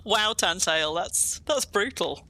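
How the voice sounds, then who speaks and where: A woman's voice: mid-range voice, lively intonation, slow, pushed and bright. A woman hosting a casual livestream chat, rambling through explanations and laughing often. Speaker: streamer and host.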